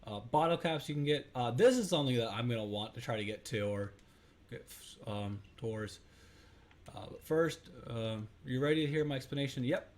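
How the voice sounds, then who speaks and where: A man chatting through his own gameplay at a middle pitch. He rambles, corrects himself mid-sentence and fills the gaps with ums and uhs, all in an easy, casual tone. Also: a little mellow. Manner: rambling, self-correcting, many fillers. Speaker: let's play host.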